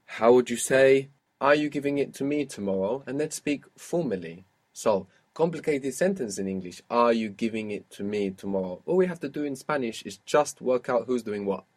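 A man's voice: medium pitch, animated, normal speed. A man teaching an audio language lesson, patiently prompting his student step by step.

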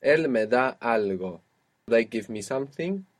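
A man's voice: medium pitch, animated, unhurried. A man teaching an audio language lesson, patiently prompting his student step by step.

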